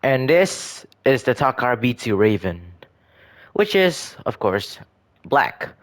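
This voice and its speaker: A man's voice: medium pitch, big pitch swings, slow pace. Rambling man showing off his game builds. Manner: rambling, hesitant, frequent restarts and self-corrections. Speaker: gaming video creator. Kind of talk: casual gameplay commentary.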